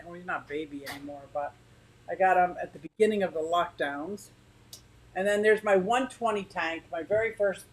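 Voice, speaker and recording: A woman's voice: medium pitch, low-quality recording. A woman hosting a casual livestream from her living room, rambling chattily and greeting viewers by name. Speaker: aquarium channel host.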